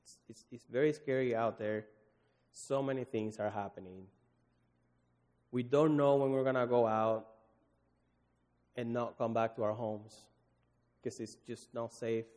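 Earnest preacher in an echoing hall. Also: male voice, mid-range voice, steady tone, a little slow, long pauses, darkish tone. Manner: earnest, pleading, with many restarts and fillers. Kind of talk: sermon. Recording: long hall reverb.

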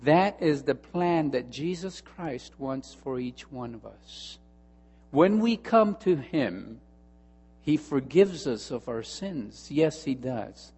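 Slow-preaching pastor in a ringing hall. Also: male voice, medium pitch, lively intonation, husky. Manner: storytelling, swinging between hushed asides and emphatic repetition. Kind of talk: sermon.

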